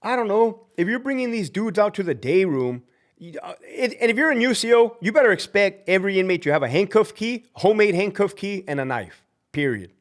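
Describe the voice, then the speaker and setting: This livestream host, a prison guard, speaks briskly with lively intonation in a blunt, heated, foul-mouthed style. Whenever he quotes someone, he performs them with sharp pitch leaps.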